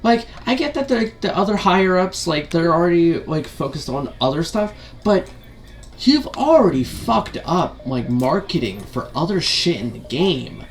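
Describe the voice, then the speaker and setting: A man's voice: a little high, sing-song, moderate pace. A man ranting as a gaming video commentator, frustrated and profane, full of rhetorical questions and repeated fillers.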